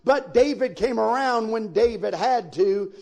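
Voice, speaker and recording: A male pastor delivers his sermon in an unhurried, deliberate way, his voice high and edged with gravel. He leans toward his listeners, asking them directly if they follow, and pushes into sudden loud emphatic peaks. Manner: preaching with sudden emphatic swells; folksy, addresses listeners directly.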